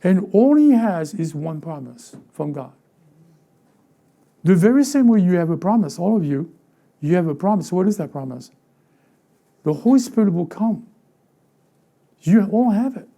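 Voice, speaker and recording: A man's voice: sits high, big pitch swings, moderate pace, creaky, long pauses, warm tone. A man preaching a sermon as pastor. He keeps asking the congregation questions, acts out little quoted voices, and often repeats words or restarts phrases. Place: church sanctuary.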